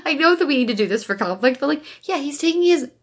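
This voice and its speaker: A woman's voice: sits high, animated, fast talker. A woman co-hosting a podcast, giving wry, exasperated commentary on a movie with casual swearing. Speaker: podcast co-host. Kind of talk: casual movie recap chat.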